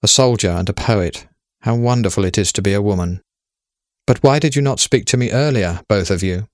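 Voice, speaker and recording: A man voicing Death as a golden-haired young woman, speaking in a measured, solemn way with pleading questions. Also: lowish voice, no room sound, clean studio sound, close to an everyday voice.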